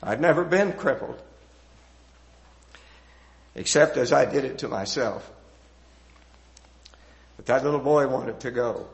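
A middle-aged man preaching a sermon with earnest feeling, building through emphatic lists and letting his phrases fall to a hush at the ends. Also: medium pitch, animated, takes it slowly, pauses often. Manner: earnest, rising to emphatic lists and hushed endings.

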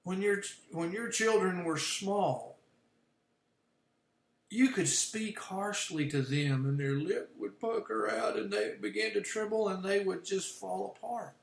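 Guy explaining bible verses on a stream, slightly high voice, roomy echo. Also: animated, gravelly. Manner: explanatory, unpacks word meanings slowly. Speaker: Bible teacher. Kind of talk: livestreamed Bible study. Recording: echoey room.

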